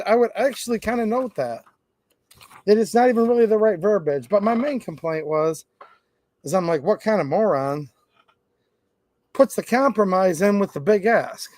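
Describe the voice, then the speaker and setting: A man's voice: high-pitched, a little mellow, no echo, studio quality. A man giving a sarcastic opinion monologue on gun laws, acting out both sides of imagined conversations. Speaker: gun rights commentator.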